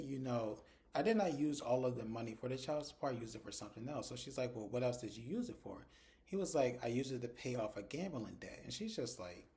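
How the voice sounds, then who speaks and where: A man's voice: medium pitch, a little fast. A man casually recapping a TV drama episode, acting out characters' dialogue in quoted voices and swearing freely. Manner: animated retelling, acts out dialogue in quoted voices, profane. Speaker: TV episode reviewer.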